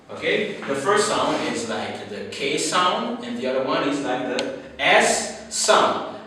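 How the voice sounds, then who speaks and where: A male English teacher giving a phonics lesson, repeating words slowly and checking in with "okay?" again and again. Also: a little high, bright, forceful tone, a little hiss or hum. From Haiti. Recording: roomy echo, far from the mic.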